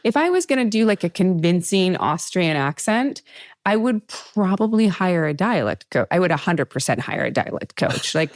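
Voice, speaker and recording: A woman hosting a podcast in casual chat, talkative and laughing often with quick asides. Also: on the low side, very animated, no echo, studio quality. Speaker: podcast host.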